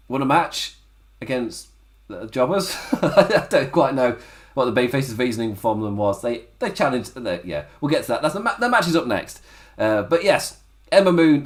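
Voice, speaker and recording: A man hosting a wrestling review podcast, talking casually in a rambling way, laughing often and dropping into mock voices. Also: mid-range voice. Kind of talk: casual solo review commentary.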